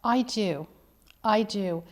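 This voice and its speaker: A woman's voice: medium pitch, slow, a little mellow. A middle-aged woman, an author being interviewed, telling her family's story in an earnest, emphatic way. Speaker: author guest. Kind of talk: interview conversation.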